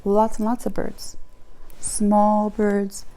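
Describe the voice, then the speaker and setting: A woman's voice: mid-range voice, monotone, warm tone. A woman chatting casually with her pet parrot, asking patient, repeated questions. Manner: patient, questioning, slow and repetitive. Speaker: parrot owner.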